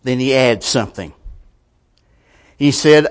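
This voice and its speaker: A male preacher delivering a sermon with rhetorical questions, shifting between quiet, measured lines and forceful emphasis. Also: mid-range voice.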